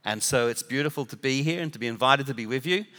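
A guest preacher from Northern Ireland, speaking with an English accent, delivers a sermon full of humorous, self-deprecating stories. His voice is medium in pitch, quick, pushed and bright. Long hall reverb fills the church auditorium where he's recorded.

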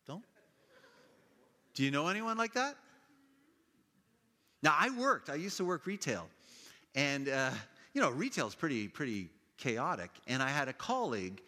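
A man preaching a sermon, telling stories in a lively way and acting out the people in them with playful voices. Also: a little high. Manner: animated storytelling with playful quoted voices. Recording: long hall reverb.

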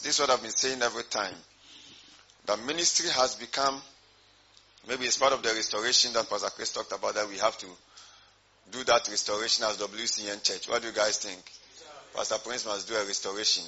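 A man's voice: fairly low pitch, sharp tone, husky, highs cut off. A man preaching a sermon as pastor, repeating his points and putting questions to the congregation.

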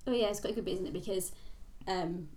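A woman co-hosting a casual book podcast, agreeing often and recapping the plot with many pauses. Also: mid-range voice, darkish tone. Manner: agreeable, many fillers and backchannel yeahs. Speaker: podcast co-host.

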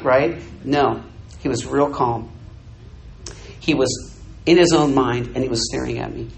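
Animated older preacher in echoey hall. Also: male voice, medium pitch, measured pace, vocal fry, long pauses. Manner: animated, acts out dialogue, jokes with audience. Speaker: missionary preacher. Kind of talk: sermon storytelling to a congregation.

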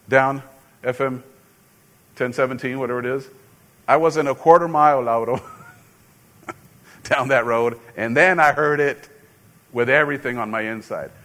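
Here a middle-aged man, a pastor, gives a sermon at medium pitch. His style is conversational and story-driven, punctuated by abrupt loud emphasis.

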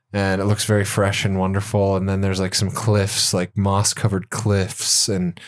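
A man's voice: on the low side, a little mellow. A man narrating a tabletop role-playing game as game master, describing scenes with frequent fillers and restarts.

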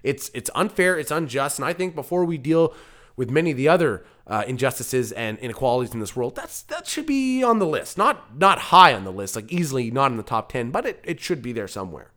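A man's voice: medium pitch, animated, a little fast, pushed and bright. A man from Canada hosting his own comedy podcast alone, rambling through jokey digressions and interrupting himself. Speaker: podcast host and producer.

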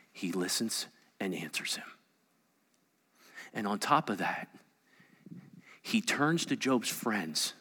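A man preaching a sermon, reading scripture aloud and adding conversational asides, dropping at times to a whisper. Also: fairly low pitch. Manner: dramatic, swings from loud to whispered; conversational asides with rhetorical questions. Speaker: pastor.

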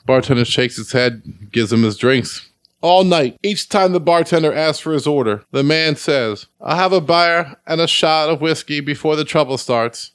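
A man telling jokes in a casual chat, relaxed and offhand. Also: a little high, moderate pace, clean tone, no echo, clean studio sound.

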